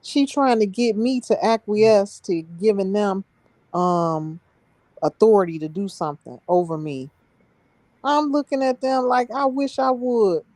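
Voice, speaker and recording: A woman's voice: mid-range voice, measured pace, darkish tone, dry recording. A woman telling a story on a live stream in an emphatic, heated way, laughing between points.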